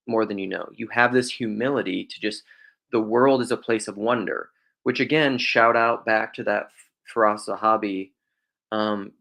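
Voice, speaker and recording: A young podcast host from Western South Dakota muses aloud in a rambling, casual theological monologue, frequently restarting his sentences. His voice is lowish and gravelly with a fairly bright tone and a faint drawl.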